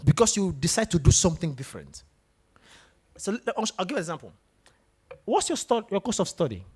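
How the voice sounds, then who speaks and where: Lively, animated male motivational speaker. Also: high voice, brisk, husky. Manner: animated, asks the room questions. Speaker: guest speaker. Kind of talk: motivational talk to students. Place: lecture room with an audience.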